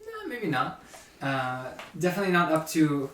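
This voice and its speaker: A man's voice: fairly high pitch, wildly swooping pitch, normal speed. A man narrating a tabletop game as game master, describing scenes in a loose, hesitant way with many fillers. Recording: roomy, distant mic with faint noise.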